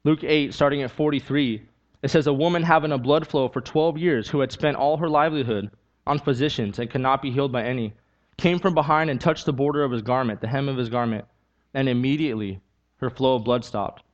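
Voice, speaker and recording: A man's voice: mid-range voice, fairly quick, lo-fi sound. A man preaching a sermon with a personal testimony, talking earnestly and conversationally, repeating key lines and building to emphatic peaks.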